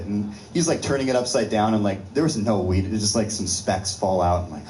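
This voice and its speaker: Male comic spinning a yarn on stage, lively and giggly, roomy reverb, faint hiss. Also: lowish voice, quick pace, few pauses. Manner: animated, laughs through his own story. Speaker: comedian. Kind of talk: storytelling stand-up set.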